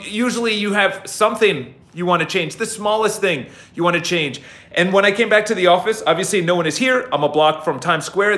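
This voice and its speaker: Man, blunt motivational vlogger with a high voice, recorded in an echoey empty office. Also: fairly bright tone. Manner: blunt, swears freely, repeats phrases for emphasis. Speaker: real estate agency founder. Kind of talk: casual motivational vlog. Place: empty office near a busy city square.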